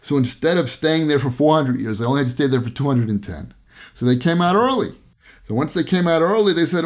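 A man's voice: a little high, lively intonation, fairly quick. A man giving a Torah talk, telling parables in an earnest storytelling way and using Hebrew and Yiddish terms. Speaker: Torah teacher.

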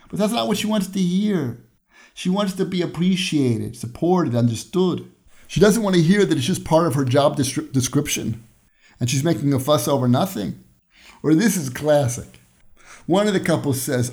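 A man whose darkish voice sits on the high side teaches Torah on his podcast with lively intonation at a moderate pace. His conversational style leans on everyday examples and short acted dialogues, with a chuckle here and there.

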